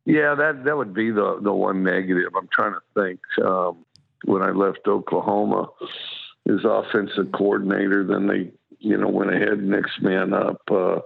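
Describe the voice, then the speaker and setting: A football coach from Wyoming with a drawl, answering in a halting way full of fillers and restarts. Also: male voice, low-pitched, fairly even intonation. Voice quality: gravelly. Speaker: college football coach, guest. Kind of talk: phone interview. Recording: tinny phone line.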